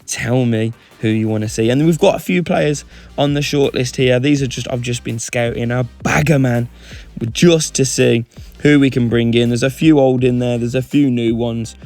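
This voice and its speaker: A young man hosting a video game let's-play, excitable and given to loud celebratory shouts. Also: medium pitch, moderate pace, roomy sound, soft background music. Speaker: gaming channel host. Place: home room.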